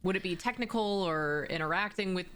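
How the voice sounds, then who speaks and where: Woman podcast host, lowish voice, chill and sympathetic, swears a bit. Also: a little fast, soft background music. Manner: relaxed and sympathetic, with casual swearing. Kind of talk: casual interview chat.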